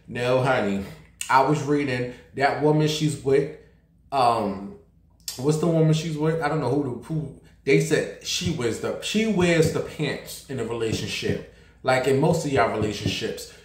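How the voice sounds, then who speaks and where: Sassy guy hosting a gossip show, swears a lot, roomy echo. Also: medium pitch. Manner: sassy, blunt and profane. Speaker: show host. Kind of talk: casual gossip commentary.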